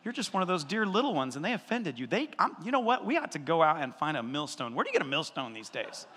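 A man voicing a sneering male accuser spirit who nags and mocks in a low mutter. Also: sing-song, fast, bright, forceful tone, big-room sound, heavily acted. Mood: mocking. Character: sneering male accuser spirit, Satan, nagging and self-righteous.

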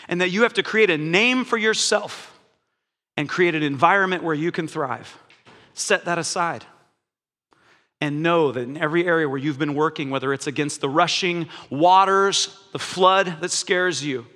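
Bright-voiced male pastor preaching in a hall. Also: fairly high pitch. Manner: lively, conversational, laughs while preaching. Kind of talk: sermon. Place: church sanctuary. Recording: long church hall reverb.

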